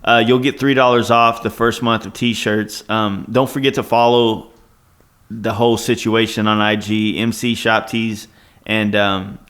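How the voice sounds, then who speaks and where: A man's voice: lowish voice, little pitch movement, a little slow, a bit bright. A man co-hosting a casual podcast, rambling and joking with heavy swearing, slightly drunk. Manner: profane, rambling, jokey. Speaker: podcast co-host.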